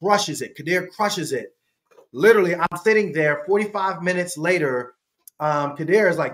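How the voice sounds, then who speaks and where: Animated male storyteller on a podcast. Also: moderate pace. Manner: animated, laughing, acts out quotes with big pitch jumps. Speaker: podcast guest. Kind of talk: casual storytelling.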